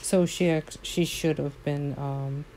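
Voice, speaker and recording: Low, gravelly woman gushing over her horses. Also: steady tone, slow pace, dark tone, slight background noise, poor audio. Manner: frequent exclamations. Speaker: horse game player. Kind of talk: casual gameplay commentary.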